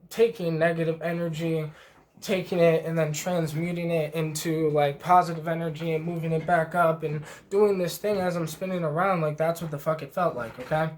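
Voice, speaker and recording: A man's voice: a little high, a little mellow. A man vlogging a rambling first-person trip report, emotionally stirred and swearing freely with many fillers.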